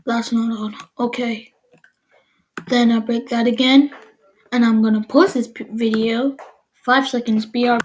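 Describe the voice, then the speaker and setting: Woman narrating her game, kinda high voice, talks slow, mutters to herself as she builds. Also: level tone, a little mellow, slight background noise. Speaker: gameplay video maker. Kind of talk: casual gameplay commentary.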